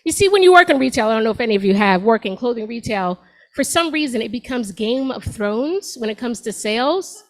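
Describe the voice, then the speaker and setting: A woman's voice: on the high side, expressive, a little fast, low-quality recording. A woman in her forties doing a stand-up set on a comedy club stage, talking to the crowd in a sassy, conversational way. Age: 40s.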